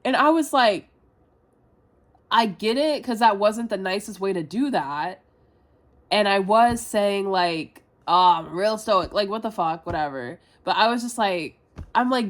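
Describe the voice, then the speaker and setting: A woman's voice: mid-range voice, expressive, measured pace. A young woman in a confessional vlog, rambling and self-deprecating, full of filler words and swearing. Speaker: vlogger.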